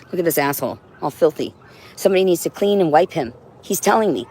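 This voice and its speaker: A woman's voice: fairly low pitch, animated, fast, dark tone, husky. A woman on a livestream in an agitated, profane, rambling monologue, now and then talking to her cat.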